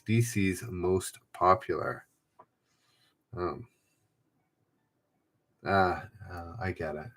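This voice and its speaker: A man's voice: sits low, extremely slow, pauses often, a bit bright. A man hosting a live trivia stream from home, reading clues and chatting with viewers by name, often rambling and correcting himself. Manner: rambling, self-correcting, reads chat names aloud. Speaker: trivia livestream host. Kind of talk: casual livestream chat, reading quiz clues. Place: home room.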